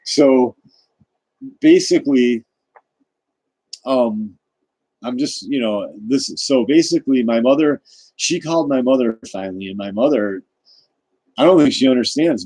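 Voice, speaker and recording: A man's voice: medium pitch, darkish tone, breathy edge, no room sound, low-quality recording. A man vlogging a rambling, indignant personal rant, often stopping and restarting his sentences. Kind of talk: ranting personal monologue.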